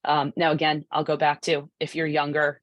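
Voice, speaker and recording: Low-voiced chatty woman coach presenting. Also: monotone, moderate pace, no room sound, lo-fi sound. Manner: chatty, many asides and rhetorical "right?". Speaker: lacrosse goalie coach presenting. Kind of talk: conversational presentation.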